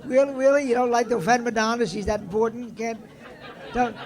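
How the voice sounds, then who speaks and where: A man hosting an open mic comedy night, telling jokes and working the crowd loudly before introducing the next comic. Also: very high voice, fairly even intonation, fairly quick. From Ireland. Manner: loud, upbeat crowd work. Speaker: host. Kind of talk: stand-up comedy and emceeing. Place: comedy club room with a live audience. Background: audience laughter and chatter.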